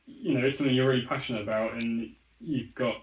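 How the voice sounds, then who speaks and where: Flat-voiced male host in an echoey room. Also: mid-range voice, fast. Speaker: podcast host. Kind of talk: casual interview chat.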